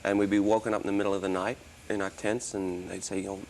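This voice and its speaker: Man, very low voice, mostly American accent with Australian hints, rambling restarts, faint hum behind. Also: little pitch movement, fast, a little mellow. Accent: mostly American, traces of Australian. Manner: rambling, many restarts and fillers. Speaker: interview guest, musician and actor. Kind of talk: casual interview talk.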